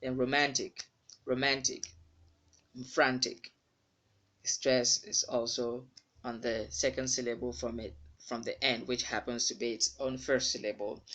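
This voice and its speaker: A man's voice: mid-range voice, little pitch movement, normal speed, fairly bright tone. A man giving a spoken English pronunciation lesson, carefully repeating words to model the sounds. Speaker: pronunciation teacher.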